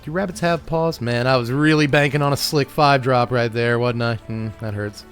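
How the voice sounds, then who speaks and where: A man at a middle pitch commentates his own card game match in a wry, joking way. He chuckles often, and faint music plays behind him. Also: moderate pace. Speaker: host of a card game channel. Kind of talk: gameplay commentary.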